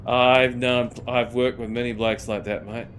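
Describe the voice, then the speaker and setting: A man's voice: medium pitch, level tone, unhurried, fairly bright tone, faint music behind. Swearing streamer guy. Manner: rambling, swears often, says "mate" a lot. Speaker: gaming streamer. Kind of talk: casual chat while gaming.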